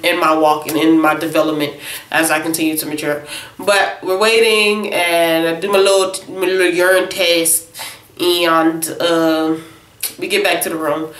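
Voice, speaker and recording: A young woman tells a casual storytime vlog, animated and chatty, often tagging "okay?" onto her sentences. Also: on the low side, reverberant. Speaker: vlogger.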